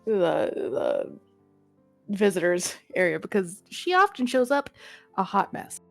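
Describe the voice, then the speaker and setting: A woman chats through a tabletop game in a playful, casual way, dropping the odd swear word. Her voice sits at an ordinary middle pitch. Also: wildly swooping pitch, takes it slowly, creaky, soft background music. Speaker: player. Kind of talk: casual tabletop role-play.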